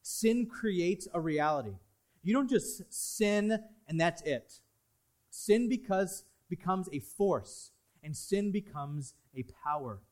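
A man with a notably high voice preaches from the pulpit. His delivery is dynamic, leaning in hard on key lines and then falling to a soft, confiding hush. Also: animated, slow pace. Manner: dynamic preaching, swinging between loud emphasis and hushed asides. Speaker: pastor. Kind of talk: sermon.

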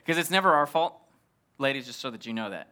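A male pastor telling a comic story in a sermon, animated and acting out the dialogue. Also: mid-range voice, fast talker, clean tone.

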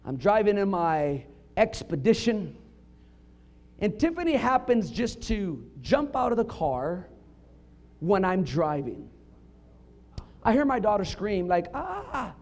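High-voiced preacher telling funny stories. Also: male voice. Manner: storytelling with punchlines, rising to emphatic shouts. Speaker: pastor. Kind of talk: sermon.

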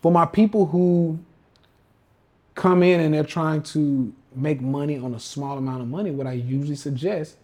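A man's voice: a little high, steady tone, normal speed, a little mellow. A man hosting a casual livestream rant as a trading coach, slangy and emphatic, often repeating himself. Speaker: podcast host and trading coach.

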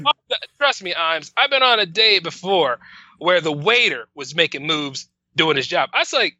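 A man's voice: a little high, lively intonation, normal speed, pushed and bright, dry recording, dull audio. A man from Delaware on a casual podcast, ranting animatedly with laughs. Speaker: podcast guest.

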